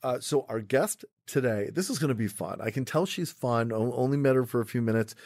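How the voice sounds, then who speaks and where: A worn-out man hosts a comedy podcast, rambling along in loose chat and breaking into laughs as he goes. His voice sits at an ordinary pitch and sounds dry, with no room around it. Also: animated, brisk, creaky, darkish tone, no room sound. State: tired, jet-lagged. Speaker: podcast host.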